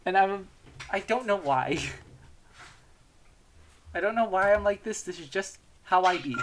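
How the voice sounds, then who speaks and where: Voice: mid-range voice, animated, slow, slight background noise. A young adult streamer talks casually during a stream, laughing often between rambling thoughts. The speech is loose and profane, with frequent swearing and self-deprecating asides.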